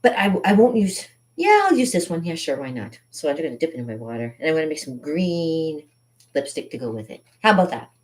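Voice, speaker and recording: Woman, casual makeup vlog chat, rambling, giggly, deep voice, lively intonation. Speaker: vlogger.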